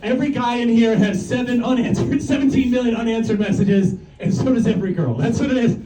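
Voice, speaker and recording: A man with a strikingly high voice doing stand-up in a club, heard from a bit off the mic in a roomy space. He rambles and swears, poking fun at himself while a crowd laughs clearly behind him. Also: quick pace, recorded from a distance. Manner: rambling, profane, self-mocking. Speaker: stand-up comedian. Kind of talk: stand-up comedy set. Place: comedy club stage. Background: audience laughter.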